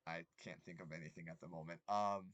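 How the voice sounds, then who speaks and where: A young man running a tabletop game as game master, rambling with many ums and quick apologies. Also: low-pitched, fairly even intonation, fairly bright tone, no room sound, dull audio.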